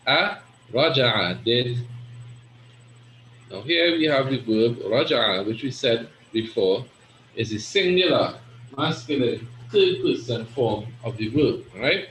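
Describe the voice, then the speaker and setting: A man's voice: mid-range voice, a bit bright. A man teaching an Arabic grammar class, explaining step by step and often checking in with "right?". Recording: echoey room with faint noise.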